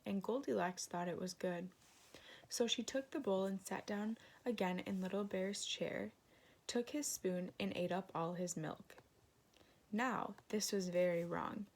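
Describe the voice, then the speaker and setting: Woman, storybook read-aloud, gentle, moralizing asides, gravelly fry. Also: medium pitch.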